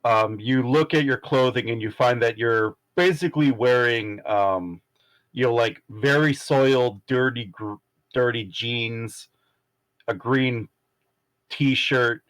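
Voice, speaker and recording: A man in a mid-range voice runs a tabletop game as its game master. He narrates the scene haltingly and fills his pauses with ums and uhs. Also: medium pitch, fairly bright tone, poor audio.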